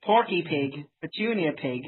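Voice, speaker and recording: Man, high husky voice, sarcastic ranting podcast chat, tinny phone-like sound. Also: lively intonation, normal speed. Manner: sarcastic, exaggerated rants. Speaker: podcast co-host. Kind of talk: casual chat.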